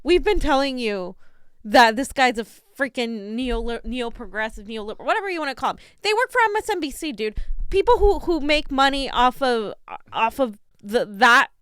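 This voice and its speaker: Woman co-host, smooth, clear voice, heated and indignant, dry close recording. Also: sits high, expressive, moderate pace, fairly bright tone, dry recording. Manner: fired-up, indignant ranting with frequent restarts. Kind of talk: casual political chat show.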